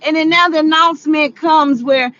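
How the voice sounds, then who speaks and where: A woman vlogger delivering ranting commentary, animated and exclaiming, often laughing. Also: high-pitched, normal speed, muffled recording.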